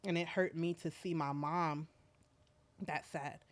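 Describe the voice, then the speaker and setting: During an emotional interview conversation, a woman in her thirties, a school principal, talks softly with a lot of hesitation and filler words. She has a low-pitched voice and a steady tone.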